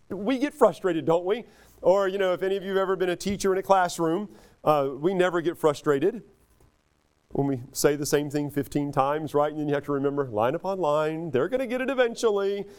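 A middle-aged pastor with a high voice delivers an earnest sermon. He eases into soft, slowed-down stretches, then pushes his voice up for emphatic points. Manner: earnest, swings from soft and slow to loud and emphatic.

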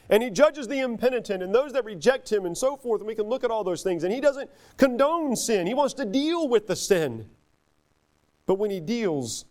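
A middle-aged man preaching a sermon as a pastor, earnest, moving between soft, slow passages and loud, emphatic ones. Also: high-pitched.

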